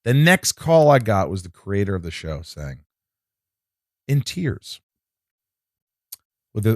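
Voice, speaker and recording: A man's voice: on the low side, big pitch swings, unhurried, pauses often, no echo, clean studio sound. A man, an actor, telling a long story in casual chat, acting out quotes and swearing freely. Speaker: actor guest.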